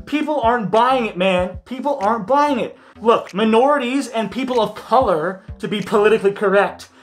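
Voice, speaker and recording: A man's voice: high voice, normal speed, faint music behind. A man ranting sarcastically over a video clip, heated, mocking and full of swearing. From Michigan, US. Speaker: commentary YouTuber.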